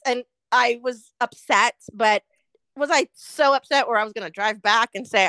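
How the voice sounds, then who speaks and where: A woman co-hosting a podcast, telling a fast food rant in casual chat, swearing freely and animated. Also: fairly high pitch, dry recording. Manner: swears a lot, animated ranting storyteller. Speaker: podcast co-host.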